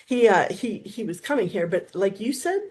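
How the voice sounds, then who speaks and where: A therapist in her fifties, appearing as a guest in a casual interview, tells animated stories full of restarts and acted-out quoted dialogue. Her voice is mid-range and moderately paced, with a little hiss or hum in the recording.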